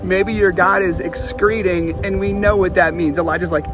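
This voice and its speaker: A male pastor preaching an online sermon, telling the story in an animated, jokey way. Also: high voice, normal speed, hardly any pauses, over music.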